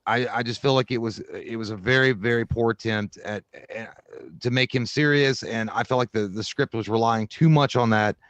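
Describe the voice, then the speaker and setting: Dude co-hosting a movie review show, fired up and cussing a lot, normal pitch, super dry close mic. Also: male voice, moderate pace, no room sound. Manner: animated, swearing, acts out voices mid-story. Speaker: co-host. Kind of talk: casual movie review chat.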